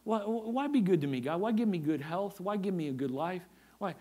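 Man, pastor, high voice, emphatic sermon, repeats phrases, asks for amens. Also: big pitch swings, moderate pace, darkish tone, husky.

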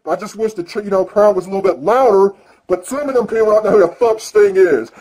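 A man ranting excitedly and profanely in a video reaction, swinging between yelling and mumbling. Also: high-pitched, fast talker, breathy edge. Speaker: vlogger.

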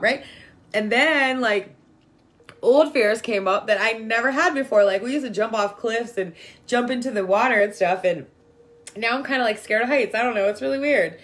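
A woman's voice: on the high side, normal speed, fairly bright tone. A woman talking casually to her viewers about energy and feelings, chatty and affectionate, often checking in with "right?". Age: adult with a young daughter. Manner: chatty, full of "like" and "right?", affectionate toward listeners. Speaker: spiritual vlogger. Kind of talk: casual spiritual talk to viewers.

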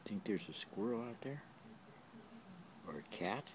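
A man's voice: on the low side, lively intonation, unhurried, pauses often, noisy background. A man in a backyard talking to his dog in sing-song baby talk, repeating himself while filming on a handheld camera. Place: backyard, outdoors.

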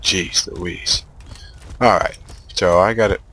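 A man commentating on his own shooter gameplay, excitable and trash-talking the enemies. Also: sits low, slow pace. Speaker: gamer playing a shooter. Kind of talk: let's play commentary.

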